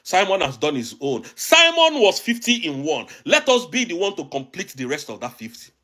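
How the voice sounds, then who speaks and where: A man with a Nigerian accent delivers heated political commentary for his online show. His voice sits high and swings widely in pitch. He talks emphatically, repeating phrases as he presses his points. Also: huge pitch swings, normal speed, bright, forceful tone. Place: abroad, recording a video.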